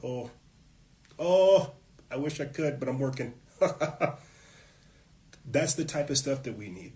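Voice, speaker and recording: A man's voice: mid-range voice, takes it slowly. A man hosting his own show, delivering an impassioned political monologue, fired up and swearing often. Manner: fired up, profane, preachy. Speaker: show host.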